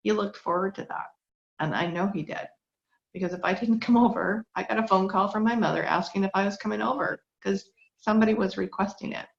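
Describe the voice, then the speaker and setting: On a dull lo-fi recording, a middle-aged woman speaks briskly at medium pitch with vocal fry. She gives an earnest, emotional, faith-based testimony, holding back tears.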